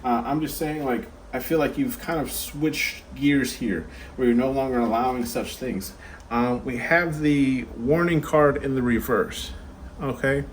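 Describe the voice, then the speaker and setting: A man's voice: medium pitch, unhurried, slight background noise. A man giving a casual pick-a-card tarot reading, rambling and chatty with lots of fillers and asides.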